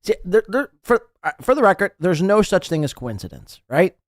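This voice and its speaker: A man's voice: high-pitched, moderate pace, dry recording, clean studio sound. Ranting man hosting a podcast. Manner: mocking, ranting, animated impressions. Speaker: podcast host. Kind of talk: casual commentary over a group call.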